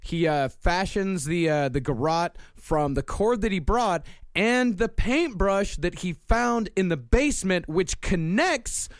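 A man's voice: high voice, animated, unhurried, few pauses, dry recording, studio quality. A man hosting a casual true-crime podcast, laying out the case step by step and swearing freely. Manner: profane, explanatory storytelling. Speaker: podcast host.

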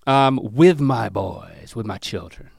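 A middle-aged man chats on a podcast, spinning rambling, self-deprecating yarns. His pitch jumps around a lot, and the sound is dry and close-miked. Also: takes it slowly, vocal fry, slightly rough, no echo. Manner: rambling, self-mocking storytelling with lively pitch swings. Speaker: podcast co-host. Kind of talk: casual comedic chat.

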